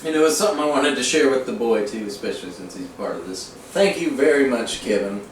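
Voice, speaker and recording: A man's voice: mid-range voice, animated, fast, recorded from a distance, a little hiss or hum. A man hosting a woodworking channel, chatting casually and laughing often. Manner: laid-back, laughs often. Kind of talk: casual chat. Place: workshop. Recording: roomy workshop sound from off-mic.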